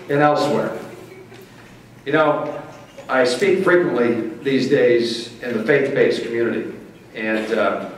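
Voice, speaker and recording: A middle-aged man from Missouri, giving a folksy acceptance speech as a motivational speaker. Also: medium pitch. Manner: folksy, warm storytelling with playful crowd asides. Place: large banquet hall. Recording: echoey hall, distant mic, faint hiss.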